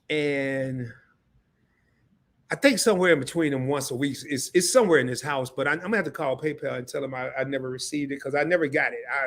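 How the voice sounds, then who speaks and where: A man hosting a casual live stream, talking straight to his chat. He gets excited, repeats himself and restarts often. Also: a little high.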